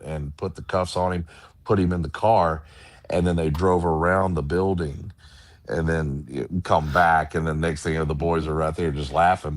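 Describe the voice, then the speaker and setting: A man's voice: low voice, dry recording. A male wrestler being interviewed, telling stories casually, acting out other people's voices and laughing often. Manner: animated, acts out quoted voices, laughs often. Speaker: guest wrestler.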